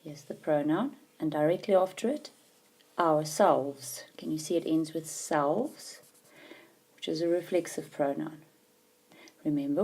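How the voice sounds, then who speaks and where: A woman with a low voice teaches a grammar lesson. She talks patiently and leans hard on key words, stopping to ask if the learner is following along. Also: darkish tone. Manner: patient, emphatic, checks understanding with questions.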